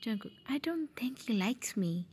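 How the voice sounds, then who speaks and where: A woman's voice: fairly high pitch, measured pace, mellow, slightly rough. A woman voicing a cold, possessive young male mafia heir in a fan audio drama, speaking in a teasing, often whispery tone.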